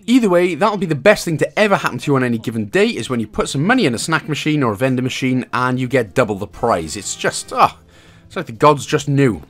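A man's voice: mid-range voice, sing-song, quick pace, fairly bright tone. A man with a Welsh accent talking through a game walkthrough step by step, with jokey, chuckling asides between the instructions. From Wales. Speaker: gaming guide host.

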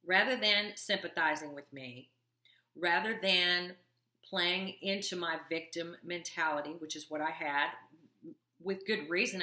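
A woman's voice: on the low side, pushed and bright. Earnest woman coach in an echoey room. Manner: earnest, confiding, wry asides. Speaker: self-love coach. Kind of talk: personal talk to camera.

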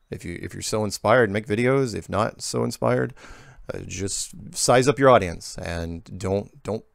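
A low, gravelly male voice reads viewer emails aloud in a casual way. He wanders into relaxed, rambling asides and often restarts his sentences. The sound is close and dry with no room echo. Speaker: channel host answering viewer emails. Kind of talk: casual reading of emails with comments.

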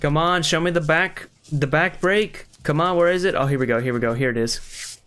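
A man's voice: a little high, moderate pace, a bit bright, clear, resonant tone. A man streaming, giving casual reaction commentary with frequent exclamations and laughter.

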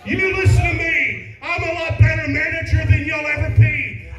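A man cutting a wrestling manager's promo, shouting insults at the crowd. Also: very high voice, fairly even intonation, normal speed, muffled recording, noisy background. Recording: echoey arena with loud crowd and music.

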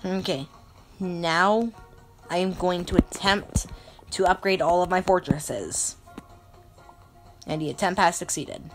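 Slow, melodramatic woman gamer. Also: lowish voice, soft background music. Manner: melodramatic, self-mocking. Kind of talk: let's play game commentary.

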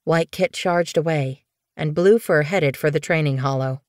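A woman's voice: low-pitched, dry recording. Woman narrating an audiobook, dry close sound. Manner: measured, expressive storytelling.

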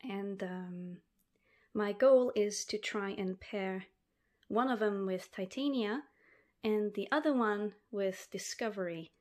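A young woman vlogging as she unboxes pet snails, soft-spoken with frequent ums. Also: mid-range voice, slow pace. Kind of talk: casual unboxing vlog.

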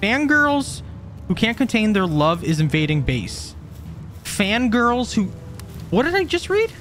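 Excitable male gaming streamer, lively pitch. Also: soft background music. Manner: excitable, jokey, quick reactions and laughs. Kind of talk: live game commentary.

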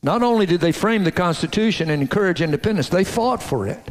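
Fiery preacher in a reverberant church. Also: male voice, sits high, fast talker. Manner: folksy, animated preaching with audience call-outs. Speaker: pastor. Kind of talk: sermon. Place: church sanctuary.

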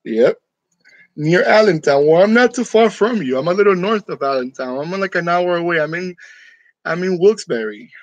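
A man's voice: high-pitched, lively intonation, moderate pace, no room sound, lo-fi sound. A man from New York chatting casually with his viewers, joking and laughing often in a room decorated for Halloween. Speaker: channel host. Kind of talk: casual live chat with viewers.

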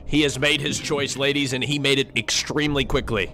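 Hosting a dating game show stream, a man announces who is safe and who lands in the bottom three, joking, teasing and laughing between lines. His medium-pitched voice is brisk, pushed and bright, with fairly even intonation.

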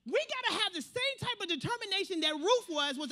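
A man preaching a sermon in an animated way, repeating phrases and acting out quotes. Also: very high-pitched, a little fast.

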